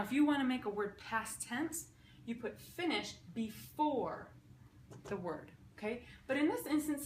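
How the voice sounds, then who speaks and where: A woman teaching sign language grammar in a casual way. She explains step by step at a whiteboard and keeps checking in with "okay?". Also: on the high side. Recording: echoey room, faint background noise.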